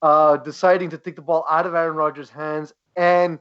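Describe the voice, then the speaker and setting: A man hosting a casual podcast, joking and animated, often restarting his sentences. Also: fairly high pitch, moderate pace, clear, resonant tone, highs cut off. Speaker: podcast host. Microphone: podcast mic, leans away at times.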